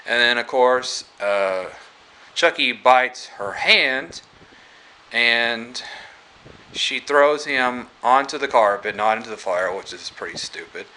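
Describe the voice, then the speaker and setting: A man casually retelling a movie plot as a reviewer, halting and full of fillers and restarts. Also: mid-range voice, expressive, pushed and bright, poor audio.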